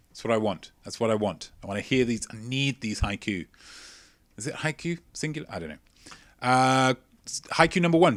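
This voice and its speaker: A man's voice: medium pitch, expressive, fairly quick, fairly bright tone, dry recording. A man hosting a live-streamed quiz, reading out viewers' answers with chatty, self-mocking jokes. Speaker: quiz show host.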